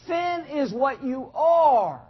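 A man with a very high voice preaches slowly and deliberately to his congregation. He talks to them directly, throws questions at them and acts out small scenes as he goes. The sound is dull and lo-fi. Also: big pitch swings. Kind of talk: conversational sermon. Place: church in front of a congregation.

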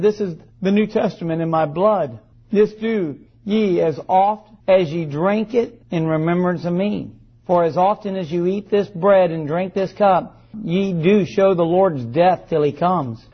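A man with a high, husky voice preaches a sermon in church, reading scripture aloud and firing questions at the congregation for them to answer. The recording is dull and lo-fi. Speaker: pastor. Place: church service.

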